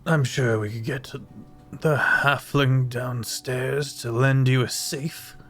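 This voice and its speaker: A man running a tabletop game as game master, laughing often between lines. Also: faint music behind. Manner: laughs often, slow with very lively pitch.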